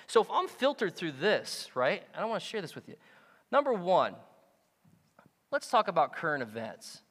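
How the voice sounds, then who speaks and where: A male pastor preaching a sermon, animated and joking, who often acts out the voices of the people he quotes. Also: high-pitched, moderate pace, in a large hall. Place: church sanctuary.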